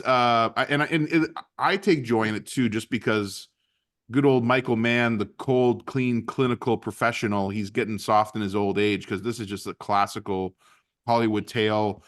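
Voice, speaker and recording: A man's voice: lowish voice, a bit bright. A man co-hosting a casual movie podcast, talking enthusiastically and rambling with frequent restarts. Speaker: podcast co-host.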